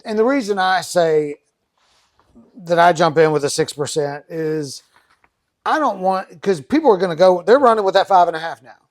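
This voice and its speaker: A man's voice: high-pitched, lively intonation, normal speed. Emphatic man explaining mortgage rates. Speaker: mortgage lender, podcast host. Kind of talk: casual podcast chat.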